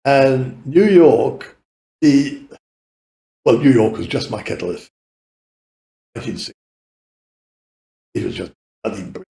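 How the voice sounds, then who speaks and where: A man's voice: medium pitch, expressive, unhurried, gravelly, long pauses, warm tone, roomy sound. A man in his eighties with a British accent, telling long rambling stories as a podcast guest, laughing often and swearing casually. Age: 80s. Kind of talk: rambling anecdotal storytelling.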